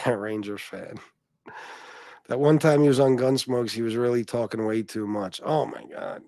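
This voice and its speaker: A man's voice: medium pitch, a little mellow, no echo, clean studio sound. A man hosting a livestream, chatting casually and rambling, swearing often and laughing as he reads comments from his viewers. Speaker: livestream host.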